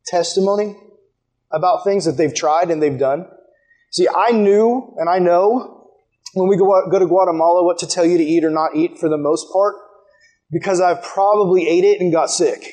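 A young American man telling a rambling, animated story to a room full of listeners, full of "like" fillers. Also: high-pitched. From United States. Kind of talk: storytelling talk to a group. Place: room with a live audience.

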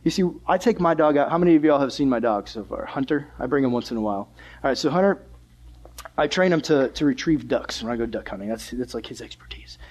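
A young man preaching a lively, conversational sermon as a youth pastor. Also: medium pitch, fast.

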